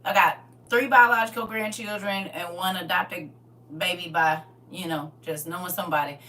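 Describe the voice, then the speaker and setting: A woman's voice: fairly low pitch, fairly even intonation, moderate pace, sharp tone, far from the mic. A middle-aged woman chatting on her livestream, playful and boisterous, laughing often. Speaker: livestream host. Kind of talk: casual livestream chat. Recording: voice from away from the mic.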